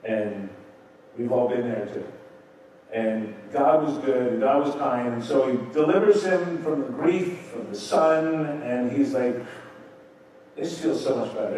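A man's voice: a little high, darkish tone, a little hiss or hum. A man preaching a Bible-teaching sermon and putting questions to his congregation. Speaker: pastor. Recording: roomy echo, distant mic.

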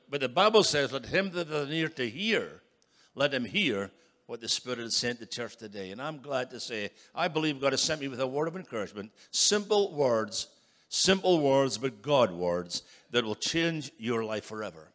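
A man in his sixties preaching as a guest speaker, emphatic and building to loud calls for an amen. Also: mid-range voice, expressive, normal speed. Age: 60s. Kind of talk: sermon.

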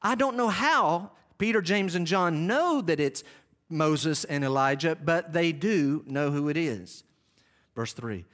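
A man teaching verse by verse from scripture, animated, moving between lively reading and quiet low asides. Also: a little slow. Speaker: Bible teacher.

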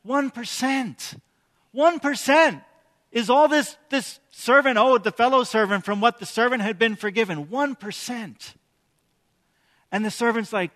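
Bright-voiced pastor in a reverberant hall. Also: male voice, extremely high pitch, a little slow. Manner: conversational, animated, asks the congregation questions. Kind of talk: sermon.

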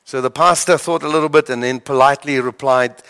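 A male pastor preaching a sermon, telling stories with dramatic pauses and stammered repeats. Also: mid-range voice, steady tone, gravelly, fairly bright tone, smooth. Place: church hall. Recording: long hall reverb.

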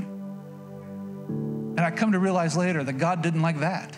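A man's voice: fairly high pitch, moderate pace, music in the background. A middle-aged male pastor delivering a sermon in a folksy, conversational way, repeating phrases and acting out little quotes. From Oklahoma. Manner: folksy, conversational preaching with repetitions and acted-out quotes.

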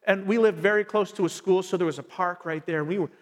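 A middle-aged man preaching a sermon, telling stories in an animated way and acting out his son's voice. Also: sits high, fast talker. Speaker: pastor. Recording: long hall reverb.

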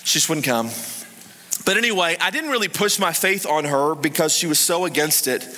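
A man preaching a sermon, telling a story in an animated way that swings between hushed and excited. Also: on the high side, normal speed. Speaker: pastor. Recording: reverberant hall.

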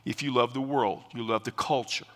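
With a mid-range, steady voice at a moderate pace, an older man gives conversational Bible teaching in a sermon, often restarting phrases and leaning on fillers. The recording carries a long hall reverb.

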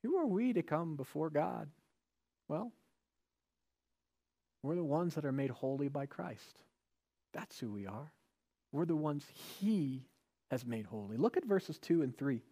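A man's voice: fairly high pitch, very animated, measured pace, long pauses, mellow. A male pastor giving a sermon in a conversational way, with rhetorical questions and emphatic repetition.

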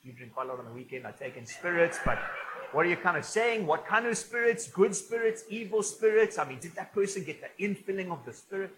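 A man's voice: high voice, expressive, fast, noisy background, voice pushed up. A man playing a puzzled man who is baffled by church jargon and asks incredulous questions.

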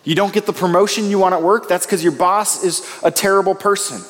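Male pastor in his thirties, higher-pitched, emphatic preaching with swings in pitch, recorded in a reverberant hall. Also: fairly even intonation, brisk, a bit bright. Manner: emphatic, rising and falling delivery. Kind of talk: sermon.

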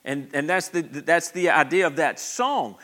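Preaching at a measured pace, this pastor has a higher voice with a sharp tone. He talks to the congregation conversationally, restarting often and repeating words, and calls for their responses.

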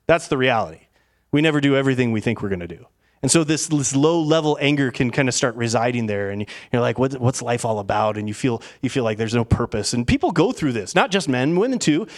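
A man, a pastor, preaching a sermon in an animated way, acting out everyday voices to make his points. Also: mid-range voice, fast.

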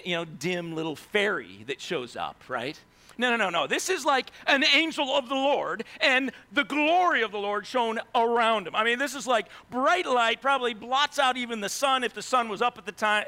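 A man preaching a sermon, telling stories in an animated way with many asides to the listeners. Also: sits high. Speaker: pastor.

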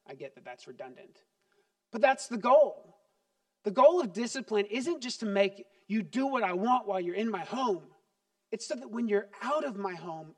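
A man preaching a sermon as pastor, animated and acting out little scenes. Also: high voice. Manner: animated, acts out parent and child voices.

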